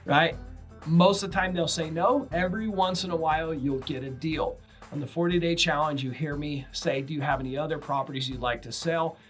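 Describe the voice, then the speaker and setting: A man teaching cold calling in a brisk, coaching way, acting out sample phone calls as he goes. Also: fairly high pitch, fairly bright tone. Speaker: real estate investor teaching cold calling. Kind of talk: instructional talk to camera. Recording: faint music bed underneath.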